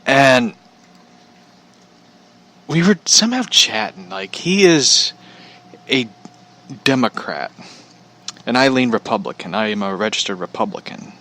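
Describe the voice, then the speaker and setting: A man's voice: medium pitch, animated, unhurried, long pauses, pushed and bright. A man from Missouri hosting a podcast, ranting casually in a blunt, profane, rambling way. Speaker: podcast host. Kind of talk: casual rant.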